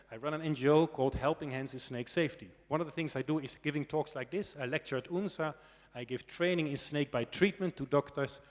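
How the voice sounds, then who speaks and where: Man, public lecture, slightly high voice, chatty audience check-ins, dry humor, long hall echo. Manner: conversational, checks in with the audience through frequent tag questions. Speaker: snake expert giving a conference talk.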